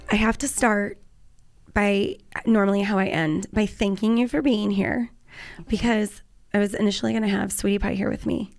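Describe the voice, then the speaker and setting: A woman's voice: medium pitch, darkish tone. A woman in her forties with a Californian accent, hosting a podcast in casual chat, talkative, laughing often and swearing offhandedly. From Southern California. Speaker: podcast host.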